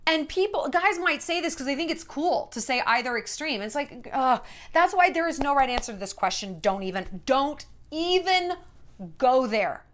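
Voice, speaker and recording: A woman in her thirties talks straight to her viewers with sassy, no-nonsense dating advice. Her voice sits a little high and swoops all over the place. She tells stories in an animated, blunt way. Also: moderate pace. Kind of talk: casual advice monologue.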